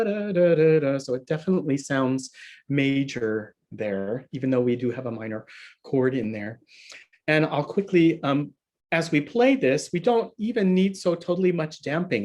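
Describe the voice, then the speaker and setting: A man's voice: medium pitch, a little mellow. A man teaching a harp lesson over a video call, chatty and laughing often as he explains. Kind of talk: online workshop lesson.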